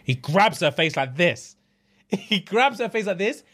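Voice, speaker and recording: A man chats on a podcast, his voice sitting a touch high. He tells stories in an animated way, packs them with slang and laughs often. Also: measured pace. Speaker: podcast co-host. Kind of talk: casual chat.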